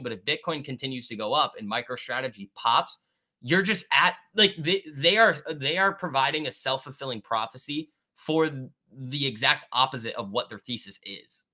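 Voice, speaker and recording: Bright-voiced man hosting a trading livestream. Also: medium pitch. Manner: casual, slangy, reads chat aloud. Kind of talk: casual livestream chat.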